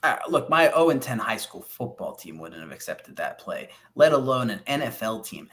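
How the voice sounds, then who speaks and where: Animated young man explaining football. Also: medium pitch, normal speed. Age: young adult. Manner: animated, explaining, with stammered starts. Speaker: podcast co-host. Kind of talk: casual sports talk.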